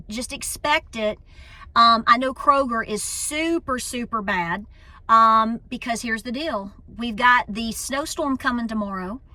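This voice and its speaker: A woman from East Tennessee talks to her followers in a warm Southern drawl, calling everyone honey. Her voice is bright and sits a little high. She films herself on a handheld phone from the car and the store aisles. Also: dry recording. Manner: folksy and chatty, calls people honey. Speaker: homestead channel host. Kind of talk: casual vlog chat. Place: inside a car, then a busy store. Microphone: handheld phone at arm's length.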